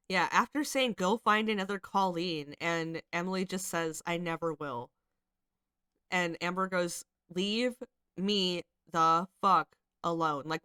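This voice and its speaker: A woman's voice: on the low side, fairly bright tone, smooth, no echo, studio quality. Chatty, foul-mouthed woman commentator. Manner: chatty, swears freely, lots of "like" fillers. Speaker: commentary channel host. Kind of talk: casual commentary reading screenshots.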